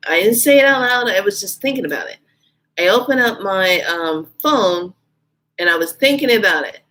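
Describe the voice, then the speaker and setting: A woman's voice: moderate pace, pauses often. A woman vlogger casually telling a personal story, her voice leaping up when she quotes herself. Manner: animated, jumps high in pitch when quoting herself. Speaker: spiritual vlogger.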